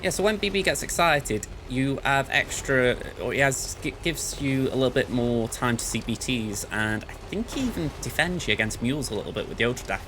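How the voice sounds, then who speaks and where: A man's voice: mid-range voice, expressive, brisk, few pauses, noisy background. A man hosting a let's play, giving chatty gameplay commentary and thinking aloud in a playful way. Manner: playful, self-described goofball.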